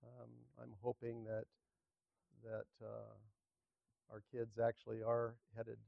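An older man preaching a sermon as pastor, halting and repeating words as he speaks. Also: medium pitch, completely flat delivery, vocal fry, no room sound, narrow, tinny audio. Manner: halting, repeats words, leads congregation in a hymn.

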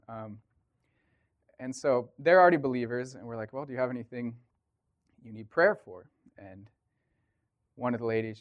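A young man casually recounting a mission trip, animated, quoting the people he met and laughing now and then. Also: lowish voice. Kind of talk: casual storytelling testimony.

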